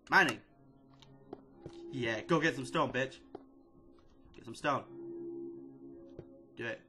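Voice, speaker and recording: A man hosting a casual let's-play video, excitedly chattering at the characters in his game. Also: mid-range voice, slow pace, soft background music. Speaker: gaming video host. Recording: loud steady background noise.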